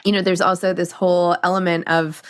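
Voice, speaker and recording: A woman's voice: lowish voice, flat delivery, brisk, smooth. A woman in her forties hosting an interview, effusive and chatty with lots of fillers. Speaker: podcast host. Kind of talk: video call interview.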